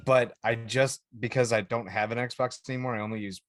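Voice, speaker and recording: A man co-hosting a podcast who chats casually and excitedly, stumbling and restarting his sentences. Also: mid-range voice, brisk, no echo, studio quality. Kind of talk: casual chat.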